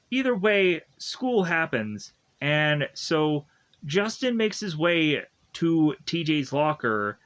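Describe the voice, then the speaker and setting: Young male recap host; unhurried, filler-heavy casual chat, slightly high register. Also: a bit bright. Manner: rambling, full of "like" fillers, chuckles often.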